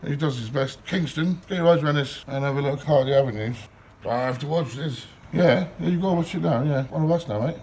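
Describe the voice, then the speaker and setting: A man's voice: medium pitch, a little mellow, slight background noise. A man making a comedy video, talking in a blunt, exasperated, grumbling way. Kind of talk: comedic sketch banter.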